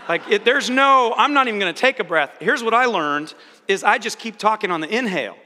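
A man with a high, bright, forceful voice teaches in a fast, animated sermon style, acting out the voices he quotes. The long reverb of a large hall rings around him.

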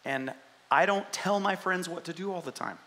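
God as a gentle friend, as a preacher puts him on. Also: male voice, high voice, moderate pace, in a large hall, voice pushed up. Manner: reassuring, conversational.

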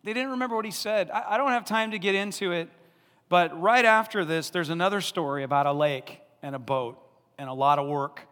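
A male pastor preaching an animated sermon, laughing often and acting out the people in the story. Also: fairly high pitch, normal speed, long reverb tail.

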